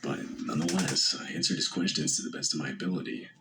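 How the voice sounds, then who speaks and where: A man narrating a first-person horror story in a steady, measured way. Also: a bass voice, noisy background. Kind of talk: scripted narration.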